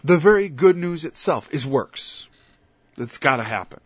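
A man with a slightly raised pitch preaches in a loose, rambling way. He stops and restarts, then pushes up to emphatic peaks. The recording is dull and lo-fi, with a dry, close sound. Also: lively intonation, unhurried, breathy edge, no echo. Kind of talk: informal Bible-study sermon.

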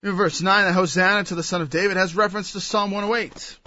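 Male preacher, high bright voice, reads verse then expounds, dry and slightly dull recording. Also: fairly even intonation, fast talker, dry recording. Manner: reads scripture aloud, then explains it with emphatic asides. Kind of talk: expository Bible sermon.

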